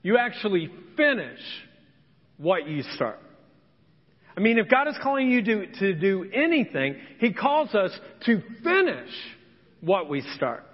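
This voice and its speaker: A man's voice: high-pitched, sing-song, measured pace. Male pastor, from Indiana, conversational sermon, acts out quoted voices, dull lo-fi sound, long echo. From Indiana, USA. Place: church sanctuary. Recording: echoey hall, dull lo-fi sound.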